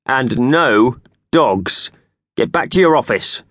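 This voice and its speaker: A man voicing a blustering, bossy male boss in a children's audiobook, with a loud, booming, growling manner. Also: very animated, normal speed, dry recording, clean studio sound.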